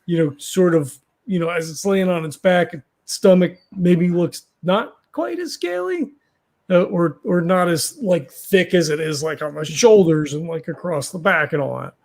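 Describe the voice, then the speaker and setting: Man, game master, high voice, rambling, many fillers. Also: animated, normal speed, a little mellow. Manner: rambling, full of fillers and restarts. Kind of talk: narrating a tabletop game.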